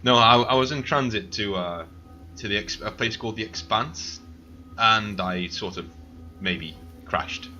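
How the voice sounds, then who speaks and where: A man's voice: fairly low pitch, measured pace, sharp tone, soft background music. Man voicing a stranded, sentimental mechanic. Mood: wistful. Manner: rambling, wistful, mildly awkward.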